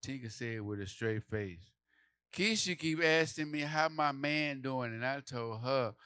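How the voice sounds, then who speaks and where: A man performing a stand-up comedy set for a live audience, telling stories loudly and playing out the quotes. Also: mid-range voice, unhurried, clear, resonant tone. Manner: loud, animated storytelling with acted quotes.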